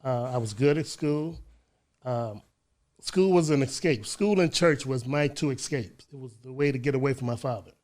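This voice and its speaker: A man in his sixties from Chicago with a Chicago accent, telling his life story as an interview guest in a measured way, often restarting his words. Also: mid-range voice, a little mellow. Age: 60s. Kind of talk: casual interview. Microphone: studio microphone.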